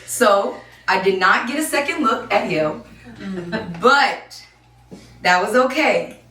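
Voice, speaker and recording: A young woman from Kansas City, Missouri, telling her own story in a one-woman stage show, lively and playful. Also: mid-range voice, slow. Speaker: solo performer. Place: stage in a performance space. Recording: roomy live stage, distant mic, music.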